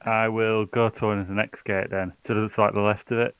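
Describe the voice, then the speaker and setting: A man's voice: fairly low pitch, level tone, normal speed, fairly bright tone, clear, resonant tone, no room sound. Easygoing man playing a tabletop game. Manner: easygoing, plain questions to the game master. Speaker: player. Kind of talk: casual tabletop game chat.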